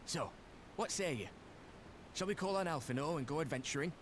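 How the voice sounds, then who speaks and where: A man playing a polite English adventurer, coaxing, game dialogue, noisy rumbling track. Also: animated, brisk, lightly acted. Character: courteous young male adventurer, genial.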